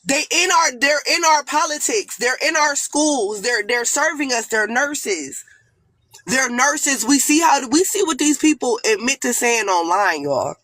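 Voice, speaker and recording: A woman's voice: high-pitched, expressive, normal speed, few pauses, a bit bright, dry recording. A woman with an African American accent giving a blunt, profane, rambling rant as a guest on a live stream panel. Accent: African American English.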